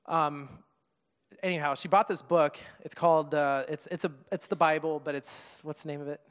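A man's voice: on the high side, steady tone, fairly bright tone, smooth. Earnest man preaching in a reverberant hall. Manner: earnest, conversational, halting with restarts and laughs. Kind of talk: sermon. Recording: long reverb of a large hall.

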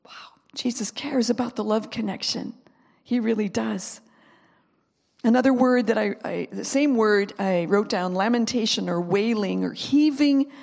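A woman preaching a sermon with deep emotion, sometimes dropping to a whisper and sometimes rising to an impassioned plea. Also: a little slow, creaky, darkish tone, long reverb tail. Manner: emotional, drops to whispers and rises to impassioned pleas.

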